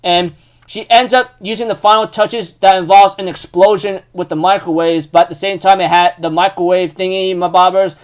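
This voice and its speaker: A man's voice: sits high, moderate pace, clear, resonant tone. A man casually recapping an anime episode, rambling with lots of "you know" and loosely retelling each scene. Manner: laughs and gets animated when amused.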